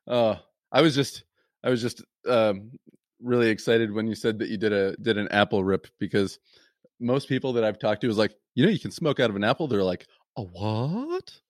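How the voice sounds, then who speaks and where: A man hosting a casual chat, easygoing and quick to laugh. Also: fairly low pitch, dry recording, studio quality.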